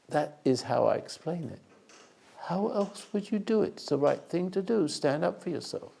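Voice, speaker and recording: Older male teacher, gravelly and husky, slow halting sermon-like delivery. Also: mid-range voice, dark tone. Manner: slow storytelling with many restarts and hesitations. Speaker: spiritual teacher. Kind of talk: unscripted sermon-like talk.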